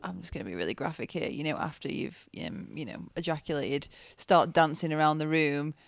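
Low-pitched woman, podcast co-host, candid and open, close dry sound. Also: fairly quick, vocal fry, no room sound. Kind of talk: casual chat.

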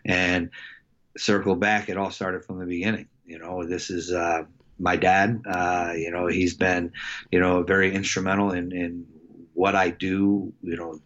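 Low-voiced middle-aged coach guy, lots of ums and restarts, kinda muffled audio. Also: flat delivery, fairly bright tone. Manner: halting, many fillers and restarts. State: emotional. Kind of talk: casual interview storytelling. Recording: dull lo-fi sound.

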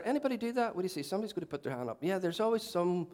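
A man's voice: high-pitched, big pitch swings, rapid-fire, darkish tone. A man preaching a sermon to his church, chatty and self-mocking with joking asides. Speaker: pastor. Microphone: handheld mic.

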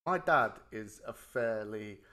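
Man, podcast co-host, bright forceful voice, animated, swears a lot. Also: on the low side, slow. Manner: animated and enthusiastic, swears freely. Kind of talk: casual film chat.

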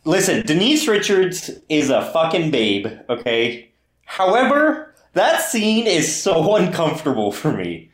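A young adult man co-hosting a podcast who cracks profane jokes and jumps in with lively interjections. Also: a little high, measured pace, roomy sound. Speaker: podcast co-host. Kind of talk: casual chat.

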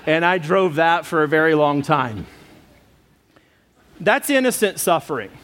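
A middle-aged man, a pastor, preaching a sermon and telling a personal story with lively, acted-out energy. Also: unhurried. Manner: animated storyteller, acting out scenes with loud high voices.

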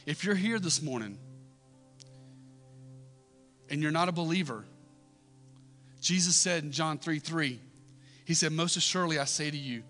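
A man's voice: fairly high pitch, normal speed, bright, forceful tone, soft background music. A male pastor preaching a sermon in a church. He talks in a conversational way and builds to emphatic repeated questions. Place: church sanctuary. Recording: long hall reverb.

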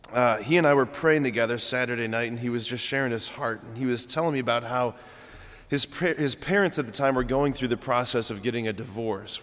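A man's voice: mid-range voice, a bit bright. A young adult man, a priest, giving a homily in a conversational storytelling way, with frequent fillers. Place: large church. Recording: long church reverb.

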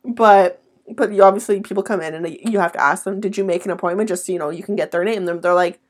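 A woman's voice: medium pitch, steady tone, fast. A young woman co-hosting a podcast, talking bluntly and swearing freely in casual chat. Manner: blunt, profane, laughs often. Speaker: podcast co-host.

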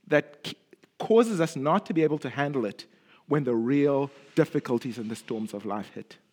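A man preaches a sermon expressively, frequently letting his voice fall low and quiet at the ends of phrases. He repeats words to drive his points home.

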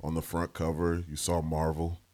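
A man in his twenties hosting a podcast in casual chat, an animated storyteller who laughs often and acts out the people in his stories. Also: rumbling low, moderate pace. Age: 20s. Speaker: podcast host.

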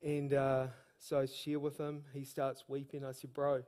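A man preaching a sermon in a church service, telling stories in a lively, slangy, evangelistic way. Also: mid-range voice, normal speed. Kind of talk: sermon storytelling.

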